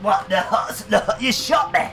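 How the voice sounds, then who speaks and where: A man's voice: high voice, measured pace, creaky, pushed and bright, faint music behind. A man playing a tabletop role-play character, complaining indignantly. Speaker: player.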